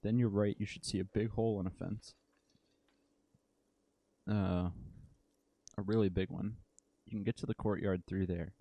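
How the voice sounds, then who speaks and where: A man's voice: lowish voice, fairly even intonation, normal speed, long pauses, warm tone, dry recording. A man reading the part of a snappy, defensive male cafeteria manager.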